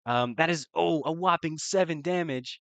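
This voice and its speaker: A man's voice: on the high side, normal speed, gravelly, no room sound. A man playing in a casual tabletop role-playing session, playful and hesitant, with many fillers. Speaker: player.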